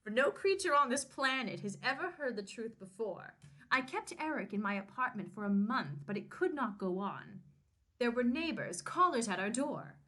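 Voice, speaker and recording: A woman's voice: fairly high pitch, sing-song, normal speed, fairly bright tone, soft background music. A woman voicing an older woman confessing to a priest, in a dramatic, earnest way.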